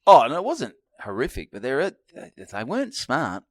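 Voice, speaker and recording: A man's voice: medium pitch, huge pitch swings, moderate pace, creaky, no echo. An Australian man co-hosting a podcast, teasing his friend with sweary, dry humor. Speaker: podcast co-host. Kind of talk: casual banter.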